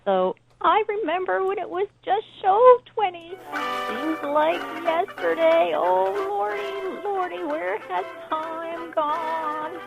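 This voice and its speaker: Lady doing a wistful creaky old granny, high and sighing. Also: slow pace, music in the background, full character voice, low-quality recording.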